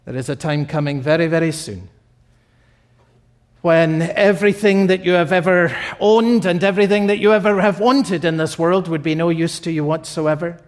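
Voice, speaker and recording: A man preaching a sermon, slow and emphatic, repeating key phrases for weight. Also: on the high side.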